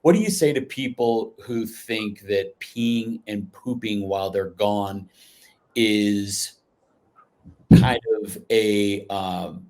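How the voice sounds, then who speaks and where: Low-voiced rambling male host. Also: slow, darkish tone. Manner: rambling, searches for words, many fillers. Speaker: podcast host. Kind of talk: casual podcast interview.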